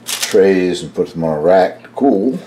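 An older man casually narrating his home baking for a cooking video, chatty and relaxed, tasting as he talks. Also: low-pitched, unhurried, noisy background. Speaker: home baker, channel host.

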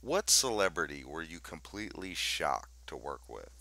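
A man's voice: very deep voice, big pitch swings, moderate pace, pushed and bright, no room sound, rough recording. A man hosting an interview channel, asking questions and signing off in an upbeat way. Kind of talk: interview host.

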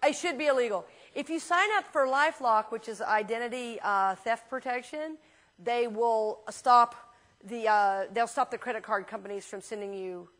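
A woman minister teaching a class in a church, talking casually and telling lively anecdotes with frequent restarts. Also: fairly high pitch, normal speed. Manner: chatty, animated storyteller with frequent restarts.

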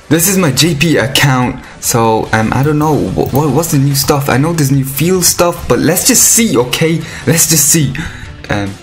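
A man commentating his mobile game live, talking straight to his viewers and begging for lucky pulls. His voice swings wildly, dropping low when he explains things, then shooting up into squeals when something surprises him. Faint game music plays behind him. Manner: excitable, jumps into high squealing outbursts; pleading and chatty toward viewers.

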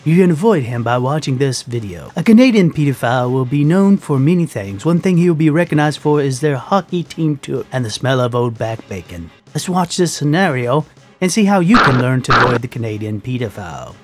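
Deadpan male spoof-film narrator. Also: mid-range voice, brisk, soft background music. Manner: deadpan announcer tone. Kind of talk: mock-serious safety film narration.

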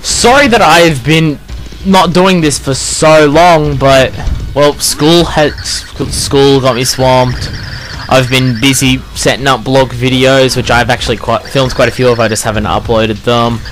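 A young man, commentating a video game playthrough, crude and swearing, yelling at the game. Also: mid-range voice, steady tone, measured pace. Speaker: let's play gamer.

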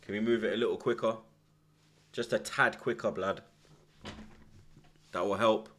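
A man hosting a live football watchalong, reacting loudly to the match with slang and swearing, shouting instructions at the players. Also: fairly low pitch, measured pace, slight background noise. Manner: excitable, shouts at the screen, heavy slang and swearing.

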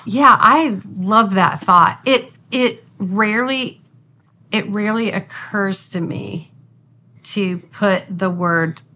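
A woman hosts a podcast conversation in a bright, forward voice. Her pitch sits in a middle range. She reacts quickly and with lively energy. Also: slight background noise. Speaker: podcast host. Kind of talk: podcast discussion.

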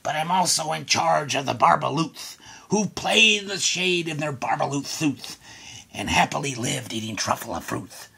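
A man putting on a small, stern old forest creature who scolds with slow, deliberate words. His voice is gravelly and husky, yet bright and edged, swinging widely up and down as he lectures in a storybook reading. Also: a little high, expressive, heavily acted. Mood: scolding. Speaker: reader of a children's book.

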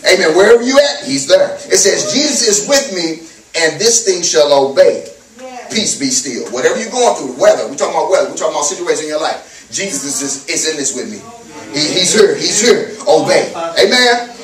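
High-voiced preacher in an echoey church. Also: male voice, lively intonation, normal speed. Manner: reads scripture then riffs on it, repeating "amen" and "glory to God"; loud, laughing, sing-song delivery when acting out the disciples. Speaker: pastor. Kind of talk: sermon. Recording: echoey room, mic from a distance.

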